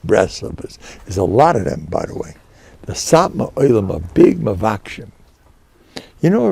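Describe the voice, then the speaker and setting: An older man, a rabbi, telling a chatty, animated story in a lecture, dropping in Yiddish and Hebrew words. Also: fairly low pitch, creaky, slightly rough. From United States. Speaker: rabbi giving a class.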